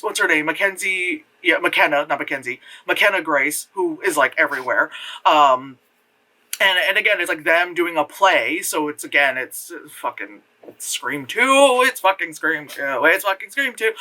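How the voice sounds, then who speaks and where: A movie reviewer talking casually, rambling and swearing, with lots of fillers and sudden jumps into high voices. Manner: rambling, loose and profane, full of fillers; animated, jumps into high voices for retold reactions. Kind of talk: casual spoken film review.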